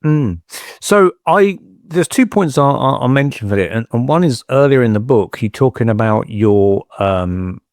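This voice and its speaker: A man's voice: medium pitch, animated, moderate pace, hardly any pauses, dry recording, studio quality. A man co-hosting a podcast, talking in a hesitant way and repeating words as he starts his sentences. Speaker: podcast co-host. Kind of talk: casual podcast interview.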